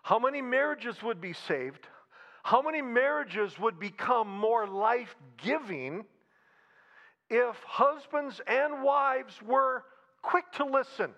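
A man with a high voice preaches in a loose, conversational way. He repeats key phrases and slips in light jokes. The recording sounds a little dull and muffled. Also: lively intonation, slow pace, pushed and bright. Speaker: pastor. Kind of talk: sermon.

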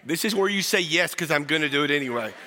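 Bright-voiced pastor in a reverberant church. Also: male voice, on the high side, animated, fast. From South Texas. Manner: folksy, joking with the congregation. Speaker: guest pastor. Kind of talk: storytelling sermon. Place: church sanctuary.

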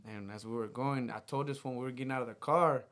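A man's voice: medium pitch, fairly even intonation, quick pace, a bit bright. A man from Texas, a boxer guesting on a podcast, telling a story in a casual, profane, slangy way and acting out the people in it. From Texas, USA. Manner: slangy and profane, acts out the voices in his stories.

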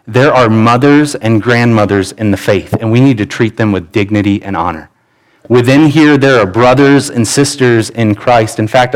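A man's voice: mid-range voice, rough recording. Earnest man preaching in conversational tones. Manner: conversational, earnest, with frequent restarts. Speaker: pastor. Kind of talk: sermon. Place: church sanctuary.

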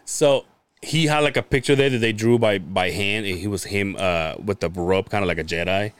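In a clean tone, a fairly low-voiced man at a moderate pace recounts a story as co-host of a podcast. His casual telling is lively, full of acted-out quotes, plenty of laughter and lots of profanity.

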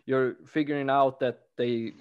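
A man hosting a casual podcast interview, relaxed, with lots of "yeah"s as he listens. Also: mid-range voice, measured pace, clear, resonant tone, dull audio. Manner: laid-back, frequent affirming yeahs and laughs. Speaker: podcast host.

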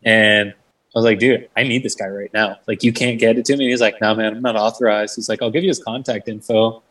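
A young man with a low, husky voice tells his story casually, with a lot of cursing and "like". He acts out the people he quotes. He sounds a bit distant from the microphone. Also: steady tone, fairly quick, fairly bright tone. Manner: swears freely, fills with 'like', acts out quoted people. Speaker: guest. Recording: mic set back from the speaker.

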